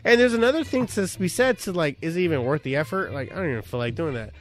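A man chatting casually on a podcast about relationships, cursing freely and telling stories with sudden loud outbursts. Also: fairly high pitch, fast talker. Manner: profane, animated storytelling with sudden shouted outbursts.

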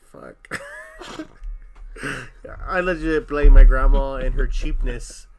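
A young man on a podcast, telling an animated story in casual chat, swearing freely and laughing often. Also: medium pitch, slow pace. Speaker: podcast co-host.

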